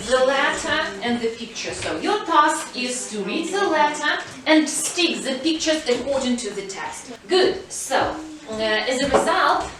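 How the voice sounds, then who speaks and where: A woman's voice: sits high, animated, measured pace, hardly any pauses, heavy reverb, far from the mic, crowd noise, poor audio. A woman teaching an English lesson to schoolchildren, prompting pupils and switching to Russian to explain tasks. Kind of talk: classroom lesson. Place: school classroom.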